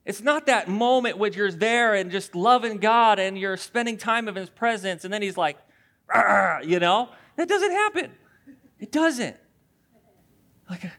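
A man with a notably high voice delivers a sermon as a pastor. He talks casually and conversationally, with restarts, and acts out quick voices as he tells a story. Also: a bit bright.

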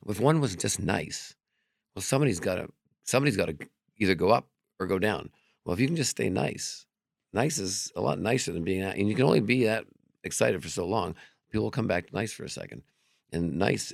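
A man's voice: low voice, fairly quick, vocal fry, no echo, studio quality. A man speaking as a magician and comedian guest on a casual interview show, telling stories candidly with some swearing and acting out the dialogue of the people in them. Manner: animated storyteller who acts out quoted dialogue.

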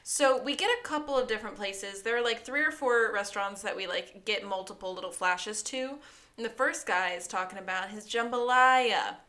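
Bright-voiced chatty woman podcaster. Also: mid-range voice, moderate pace. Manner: chatty and animated, laughs often, acts out quotes. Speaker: podcast co-host. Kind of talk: casual chat recapping a TV episode.

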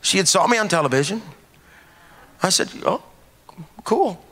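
Casting: male pastor, high bright voice, animated sermon delivery. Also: brisk. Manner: animated preaching, rising to shouts.

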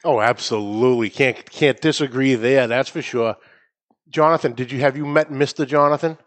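A man's voice: medium pitch, moderate pace. A man with a New England accent hosting a barbecue podcast in a studio, upbeat and playful, laughing often. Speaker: podcast host. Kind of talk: casual podcast chat.

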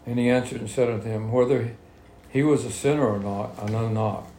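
A man's voice: mid-range voice, steady tone, brisk, dark tone, a little hiss or hum. A man leading a Bible study, reading verses aloud and explaining them in plain, conversational talk. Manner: reads scripture then explains it in plain talk. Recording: echoey room with faint ambience.

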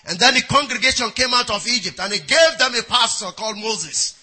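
A man preaching a sermon who reads scripture aloud in a measured cadence and often checks in with his congregation, with quick prayerful asides. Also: very high voice, animated, sharp tone, breathy edge, poor audio.

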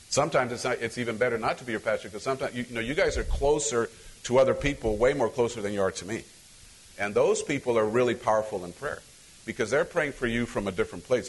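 A man's voice: medium pitch, slightly rough, poor audio. A middle-aged man from Mexico who is a pastor, giving a loose, conversational sermon with repeated words, restarts and emphatic rhetorical questions.

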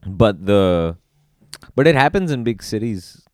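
Deep-voiced man thinking aloud. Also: sing-song, darkish tone, dry recording, studio quality. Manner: halting, many fillers and restarts, thinking aloud. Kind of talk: casual chat.

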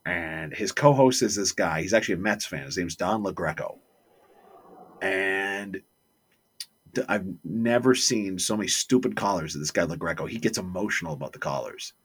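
A man's voice: low-pitched, moderate pace, slightly rough. A man co-hosting a podcast, telling stories in a casual chat and acting out the quotes. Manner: animated, acts out quotes.

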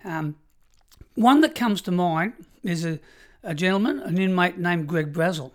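A middle-aged Australian man, a former prison officer, telling stories in an interview in an emphatic, measured way. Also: high voice. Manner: emphatic, measured storytelling, colloquial. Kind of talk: storytelling interview.

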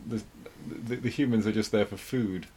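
A man, co-hosting a casual film discussion, measured and thoughtful, hedging his points. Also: on the low side, fairly even intonation, dark tone, breathy edge. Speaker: podcast co-host.

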